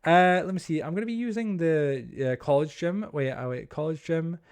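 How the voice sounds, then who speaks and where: A young man live-streams a building game, chatting casually with viewers and reading their chat aloud. His voice sits on the high side with a darkish, clear, resonant tone, at normal speed. He stumbles over words, restarting often and using lots of fillers.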